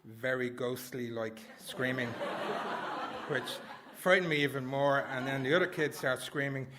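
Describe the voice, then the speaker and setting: A man's voice: mid-range voice, measured pace, very noisy. A man performing a comic personal story at a live story slam, rambling and self-mocking, laughing through his lines. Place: small live venue indoors.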